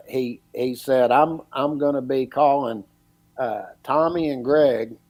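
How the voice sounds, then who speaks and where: A man's voice: medium pitch, a little mellow, no echo, poor audio. A middle-aged man, telling a story in a casual, folksy way and acting out what each person said. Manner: folksy, retells dialogue with repeated "he goes" and "I said". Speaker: podcast guest, former electrical inspector.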